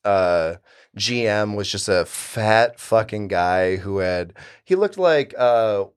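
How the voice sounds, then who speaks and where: A man's voice: fairly low pitch, lively intonation, takes it slowly, clear, resonant tone. A young man telling loose, laugh-filled stories in a casual podcast chat, with lots of fillers. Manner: rambling, laughing, many fillers. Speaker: podcast guest.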